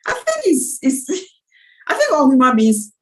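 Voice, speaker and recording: Animated woman giving a pep talk. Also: high voice, unhurried, reverberant, a little hiss or hum, low-quality recording. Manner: emphatic, repetitive, preacher-like cadence. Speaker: network marketing team speaker. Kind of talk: motivational team meeting talk.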